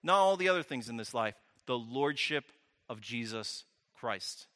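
Bright-voiced pastor preaching in a hall. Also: male voice, mid-range voice, lively intonation, a little slow. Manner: conversational, asks the audience questions, wry asides. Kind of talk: sermon.

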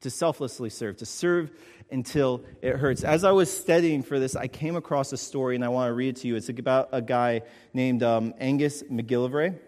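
A man's voice: medium pitch, steady tone, normal speed, darkish tone, long reverb tail. A man preaching a sermon, emphatic, repeating his points and checking in with the congregation. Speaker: pastor.

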